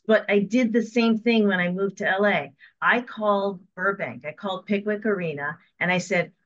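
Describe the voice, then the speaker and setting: A woman's voice: medium pitch, moderate pace. Woman, podcast guest, casual storytelling, upbeat, muffled lo-fi audio.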